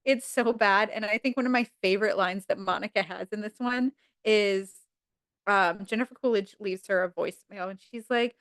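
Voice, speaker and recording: A woman's voice: mid-range voice, normal speed, a bit bright, no room sound. A woman guest on a podcast, animatedly retelling scenes and acting out the quotes in voices. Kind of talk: casual chat.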